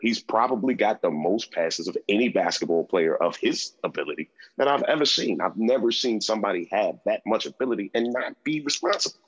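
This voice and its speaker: A man's voice: lowish voice, expressive, fairly quick, hardly any pauses, slightly rough, highs cut off. A man co-hosting a casual sports podcast, talking in a blunt, profane and opinionated way. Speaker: podcast co-host.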